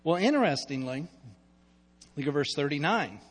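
A male pastor preaching a sermon, telling the story with asides and swinging between loud and hushed delivery. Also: a little high, animated, normal speed, slightly rough. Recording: long hall reverb.

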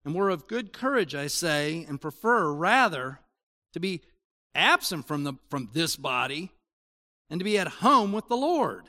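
A man in his sixties preaching a sermon in a conversational way, moving between loud emphasis and quiet asides. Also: a little high, very animated, unhurried. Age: 60s. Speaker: pastor.

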